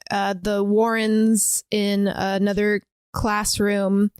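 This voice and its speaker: A woman's voice: mid-range voice, monotone, takes it slowly, darkish tone, clean tone, dry recording, studio quality. A woman co-hosting a podcast, walking through a movie's plot in casual chat with frequent fillers. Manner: narrates the plot step by step, with fillers. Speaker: podcast co-host.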